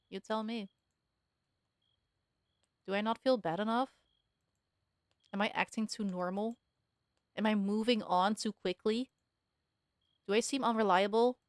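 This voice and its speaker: A woman's voice: medium pitch, no room sound, lightly acted. A woman voicing a hurt, defensive young woman in a story game, firing off bitter, pointed questions.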